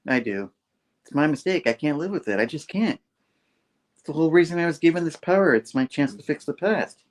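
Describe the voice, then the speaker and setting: A man's voice: fairly high pitch, lively intonation, a little fast, voice pushed up, close to an everyday voice. A man voicing a young male time-travelling hero who talks earnestly about his guilt, a bit above his own voice. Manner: earnest, confessional.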